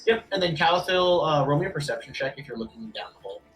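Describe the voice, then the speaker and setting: Rambling, quick game master. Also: mid-range voice, lively intonation, fairly bright tone, faint music behind, low-quality recording. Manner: quick, rambling, many fillers. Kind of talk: narrating a tabletop game.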